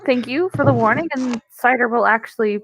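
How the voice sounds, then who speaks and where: A woman playing in a tabletop game, lively and enthusiastic. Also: fairly high pitch, fairly quick, husky, no room sound. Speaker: player. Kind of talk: casual game chat.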